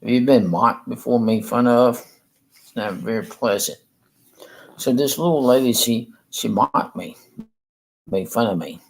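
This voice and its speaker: A man rambling and halting through a casual livestream chat from a room in a rehab facility. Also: medium pitch, gravelly, poor audio. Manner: halting, rambling, repeats himself.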